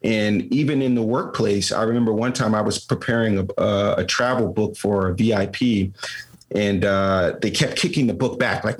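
A man's voice: lowish voice, fairly even intonation, normal speed, husky, low-quality recording. A man bluntly telling his own story in a casual, profane conversation, with a wry edge. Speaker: service member sharing experience.

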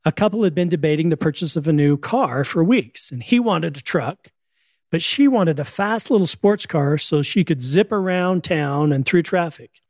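Older man, wry storyteller, a bit high-pitched, dry close sound. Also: animated, moderate pace, darkish tone, dry recording. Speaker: speaker on humor. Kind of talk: storytelling talk with jokes.

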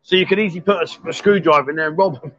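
A man's voice: fairly high pitch, racing, a bit bright, dull audio. Cheeky man hosting a bar live stream. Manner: cheeky, teasing banter. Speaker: host.

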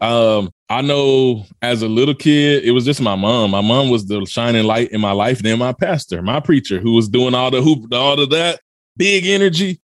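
A man's voice: medium pitch, no echo, studio quality. A man from Memphis, telling a story as a podcast guest with urgent, emphatic energy. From Memphis, USA. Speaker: podcast guest, motivational speaker. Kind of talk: dramatic personal storytelling.

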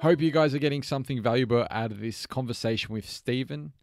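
A man's voice: medium pitch, quick pace, music in the background. A man hosting a podcast, talking earnestly to his listeners and often repeating his words. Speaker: podcast host. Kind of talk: casual podcast talk and listener appeal.

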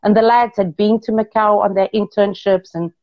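A woman from Portugal tells a long personal story in relaxed, chatty conversation, restarting sentences and addressing her listeners directly. Her voice sits at an ordinary middle pitch, and the recording is a bit dull and muffled. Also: moderate pace. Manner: chatty, animated, frequent self-corrections and asides to listeners. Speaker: guest telling her life story. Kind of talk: casual storytelling chat.

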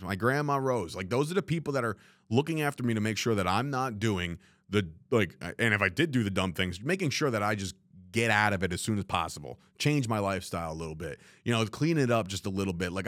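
A man hosts a solo podcast from his studio room. He talks candidly and rambles, swearing often, in a fairly low voice. The recording is dry and close. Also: a bit bright, no echo. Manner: candid and rambling, swearing, frequent "you know what I mean". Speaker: podcast host. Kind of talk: reflective solo podcast monologue.

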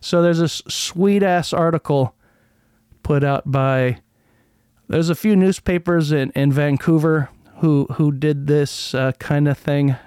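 A man's voice: fairly high pitch, fairly even intonation, slow, a little mellow, clean tone, no room sound, clean studio sound. Rambling sarcastic man on a podcast. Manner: rambling, sarcastic, stumbles over words while reading. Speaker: podcast host. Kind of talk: casual solo podcast, reading a news article.

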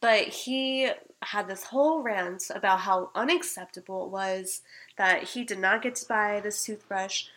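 A woman's voice: mid-range voice, a little slow, a bit bright, poor audio. A young woman co-hosting a podcast, telling a story in casual chat with lots of "like" and fits of laughter. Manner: chatty storytelling, frequent laughing fits, fillers like "like". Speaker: podcast co-host.

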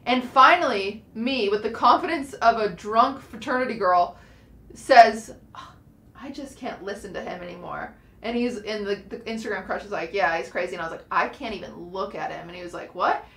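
A young woman co-hosting a podcast, telling a casual story in an animated way and acting out the quoted lines. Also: medium pitch, normal speed. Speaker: podcast co-host. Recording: roomy, echoey sound.

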